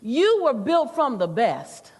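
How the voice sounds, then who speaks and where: A woman voicing a firm but tender older grandmother, speaking slowly and emphatically. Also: fairly high pitch, very animated, darkish tone, slightly rough, heavily acted. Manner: calls the listener "baby" and "honey", slow and emphatic. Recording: long reverb of a large hall.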